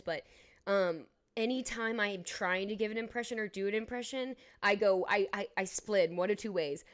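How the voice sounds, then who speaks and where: Playful, chatty woman podcast host. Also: medium pitch. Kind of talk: casual chat.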